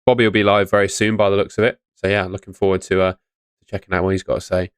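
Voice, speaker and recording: A young man talks through fantasy football picks on a live stream, chatty and relaxed as he answers his viewers. His voice sits fairly low and the studio mic sound is dry and close, with little room around it. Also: fast, clean tone, dry recording. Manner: chatty, answers chat messages. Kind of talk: casual live-stream commentary. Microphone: studio microphone on stand.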